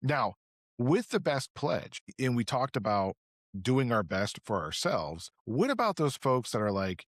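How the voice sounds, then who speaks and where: A man's voice: medium pitch, sing-song, unhurried, dry recording, clean studio sound. A man hosting a podcast, talking eagerly and turning straight to the audience. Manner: enthusiastic, talks straight to the audience. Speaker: podcast host. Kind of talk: casual interview talk.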